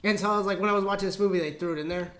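A man's voice: sits high, fairly even intonation, very fast, fairly bright tone. A man co-hosting a podcast, chatting casually in a rambling, profane way and laughing often. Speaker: podcast co-host. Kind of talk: casual chat.

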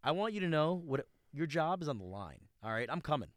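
A man's voice: a little high, very animated, fast talker, no echo, studio quality. A man co-hosting a podcast, chatting casually about football in a rambling, jokey way that trails off mid-sentence. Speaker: podcast co-host. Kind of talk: casual sports chat.

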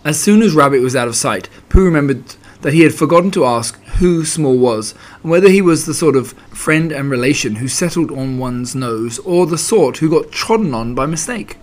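A man reading a children's story aloud in an expressive, animated way. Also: on the high side, moderate pace, few pauses.

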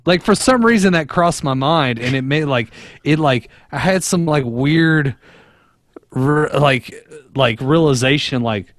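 A man co-hosting a casual podcast, retelling a movie in a rambling, profane, animated way. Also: a little high, a little slow, dry recording. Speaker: podcast co-host.

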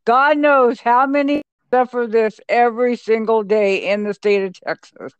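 A woman's voice: on the high side, normal speed, clear, resonant tone, dry recording, lo-fi sound. A woman co-hosting a podcast, mostly agreeing in short replies and adding firm remarks. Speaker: podcast co-host. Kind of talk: podcast discussion.

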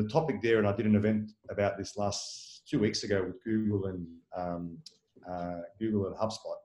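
A man's voice: fairly low pitch, darkish tone, echoey room, rough recording. A man running a marketing agency, talking in a casual interview, rambling with fillers and restarts and tagging his points with "right?". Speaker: marketing agency owner, guest.

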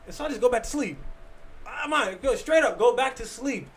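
A man co-hosting a podcast, telling a story in casual, animated chat, swearing freely and acting out quotes. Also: extremely high pitch, fairly quick. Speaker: podcast co-host.

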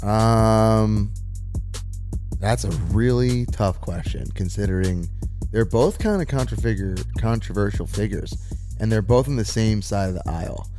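A young man co-hosting a podcast in easy chat. His voice sits on the low side, and he thinks aloud, pausing with hesitant ums. Faint music plays underneath. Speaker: podcast co-host. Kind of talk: casual chat.

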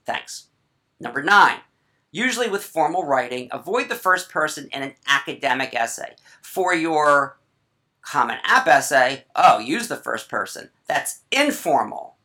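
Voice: mid-range voice, bright, forceful tone. A writing teacher giving a casual grammar lesson, chatty and full of asides, often checking in with "right?".

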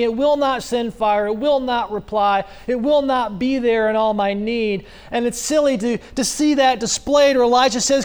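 A male pastor preaching on a church stage at a stand microphone, animated and joking as he retells a story. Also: extremely high pitch, moderate pace, hardly any pauses, smooth. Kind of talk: sermon.

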